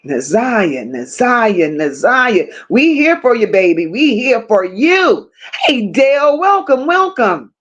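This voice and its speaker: A woman's voice: high voice, big pitch swings, unhurried, dull audio. A woman hosting a livestream, casually greeting viewers by name and reading their comments, affectionate slang and frequent swearing. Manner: reads chat names aloud, affectionate slang and swearing. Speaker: livestream host.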